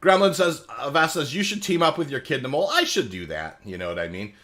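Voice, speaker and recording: Very animated and fast, his fairly high voice has a slightly bright quality. This thirties-aged man streams a game in casual, rambling chat full of fillers, reading incoming messages aloud and replying to each.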